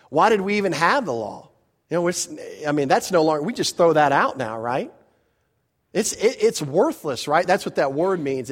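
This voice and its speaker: Higher-voiced male pastor preaching conversationally. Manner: conversational preaching with rhetorical questions and self-corrections; grows animated when telling a personal story. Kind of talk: verse-by-verse sermon.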